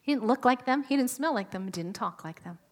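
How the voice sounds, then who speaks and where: A woman preaching a sermon, animated and asking her listeners questions, sometimes dropping to a whisper for emphasis. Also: fairly high pitch, brisk. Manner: animated, asks the audience questions.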